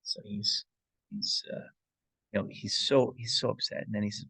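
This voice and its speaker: Gravelly-voiced man telling a story. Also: lowish voice, fairly even intonation, normal speed, no echo. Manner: rambling storyteller, frequent restarts and asides; mixes Hebrew and Yiddish terms into English. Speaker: rabbi teaching a class. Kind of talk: informal Torah class with storytelling.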